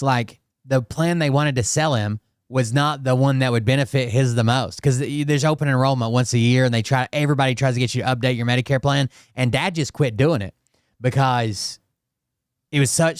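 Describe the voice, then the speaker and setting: A man talks in casual reaction commentary, blunt and profane, often restarting his sentences. His voice is smooth and resonant, recorded dry and close. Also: medium pitch, no echo.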